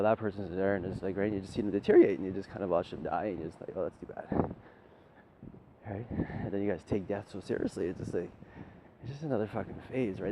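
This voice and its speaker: A man talking in a loose, rambling spiritual monologue, swearing freely and asking "right?" again and again. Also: lowish voice. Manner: loose, profane, keeps asking "right?", laughs often. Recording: dull lo-fi audio with faint noise.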